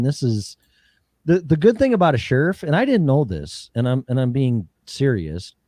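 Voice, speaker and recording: A man's voice: mid-range voice, warm tone, no echo. A man hosting a political talk show, ranting heatedly with profanity and mocking impressions. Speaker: show host.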